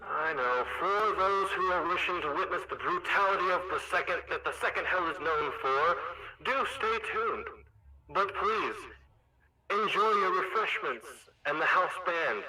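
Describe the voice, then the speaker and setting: A man's voice: high-pitched, lively intonation, moderate pace, pushed and bright, slight background noise, voice pushed up, full character voice, rough recording. A man voicing a tiny, pompous male arena announcer who makes grand formal announcements.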